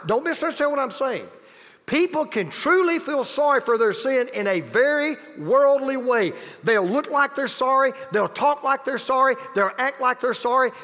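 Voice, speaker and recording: A man's voice: extremely high pitch, pushed and bright, long reverb tail. A man preaching a sermon as pastor, emphatic and repetitive, with casual asides to the congregation.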